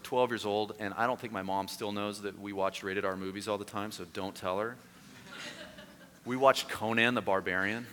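A man preaching a sermon, telling stories with put-on voices and shouts, then turning quiet and earnest. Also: fairly low pitch. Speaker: pastor. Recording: long hall reverb, faint noise.

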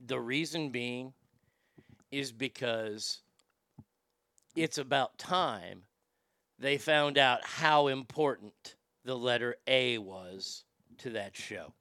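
A man's voice: medium pitch, slow pace, long pauses, bright, forceful tone, no room sound. A man with a Southern accent hosting a casual talk show, rambling, joking and swearing. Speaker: radio show host.

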